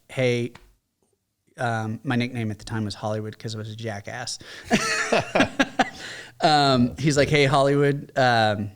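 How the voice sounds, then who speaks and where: An American man in his forties, a veteran guest telling stories in a casual interview, animated, acting out quotes with many fillers. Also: on the low side. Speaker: podcast guest, combat veteran.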